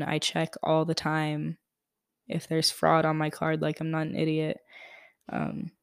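Slow-talking young woman venting casually. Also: sits low, clear, resonant tone, no echo, clean studio sound. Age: young adult. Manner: chatty, exasperated, lots of "like". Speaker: podcast host. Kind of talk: casual storytelling monologue.

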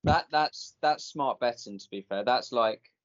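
A man's voice: medium pitch, unhurried. Guy rambling on a podcast, stumbly, muffled audio. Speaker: podcast co-host. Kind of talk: comedy podcast chat. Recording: slightly dull lo-fi sound.

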